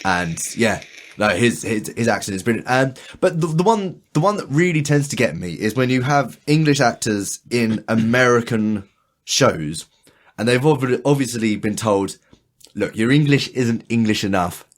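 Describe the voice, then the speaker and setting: A man's voice: mid-range voice, animated, normal speed. A man hosting a podcast in casual chat, enthusiastic and rambling, swearing freely. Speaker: podcast host.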